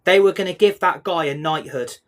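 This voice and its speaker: Guy ranting live on stream, kinda high voice, swears a lot, reads out chat comments. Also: brisk, a bit bright. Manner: angry, repetitive ranting with swearing; reads viewer comments aloud. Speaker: streamer reacting to a match. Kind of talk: live stream reaction rant.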